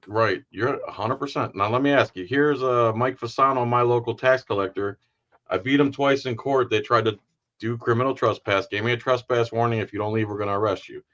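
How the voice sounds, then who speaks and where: A man's voice: mid-range voice, moderate pace, fairly bright tone. A man from Florida hosting an interview, telling his own story in a blunt and emphatic way. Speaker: host. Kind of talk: casual interview chat. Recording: dull, lo-fi stream audio.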